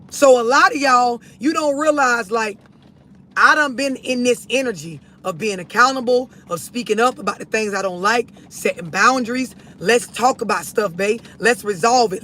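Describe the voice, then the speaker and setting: A man's voice: extremely high pitch, bright, forceful tone. A man hosting a livestream, delivering a blunt, profane, preachy rant straight at his viewers on a phone from inside a vehicle. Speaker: livestream host. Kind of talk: ranting livestream monologue.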